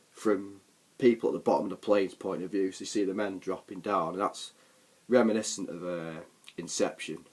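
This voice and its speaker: A man's voice: sits low, a little mellow. A man giving a casual, rambling film recap for a vlog, with frequent fillers and restarts. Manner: rambling, full of ums and restarts. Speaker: film reviewer.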